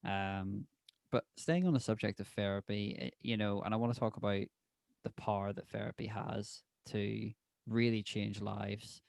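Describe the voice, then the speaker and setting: A Northern Irish man hosts a podcast chat in a low, gravelly voice with very little rise and fall. He eases into his questions with fillers and pauses. The sound is dry and close. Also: dry recording. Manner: relaxed, hesitant with many fillers. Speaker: podcast host. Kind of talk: casual interview chat.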